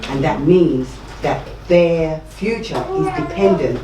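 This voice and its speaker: A study group member answers and agrees with the speaker in short bursts, his pitch moving freely. He sits away from the mic in an echoey room with noise behind. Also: lively intonation, takes it slowly, mellow, distant mic.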